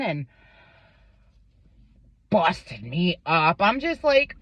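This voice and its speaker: A woman's voice: medium pitch, big pitch swings, measured pace, a bit bright, dry recording. A young woman vlogger telling a personal story, rambling, swearing often and stumbling over her words. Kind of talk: emotional storytelling to camera. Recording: dull lo-fi sound.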